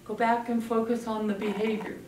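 A woman giving a parenting workshop to a live audience, animated and acting out scenes with a puppet. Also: a little high, fairly quick, a little hiss or hum. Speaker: parenting speaker. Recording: echoey room from a distant mic.

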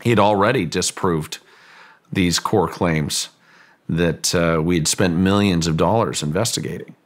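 A man being interviewed who recounts a story in a halting way and often repeats words as he goes. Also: sits low. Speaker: guest, ranch owner recounting a story.

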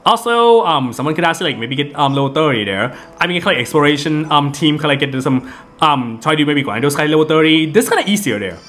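A man's voice: fairly high pitch, lively intonation, quick pace, fairly bright tone. A man giving casual, rambling commentary over gameplay, full of fillers and restarts, with game music behind him. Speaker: gaming video host.

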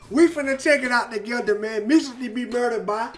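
A man's voice: very high-pitched, fast, hardly any pauses. A young man hosting a music reaction video, talking in hyped, slangy bursts and exclamations. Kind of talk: excited music reaction chat. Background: loud hip hop track playing.

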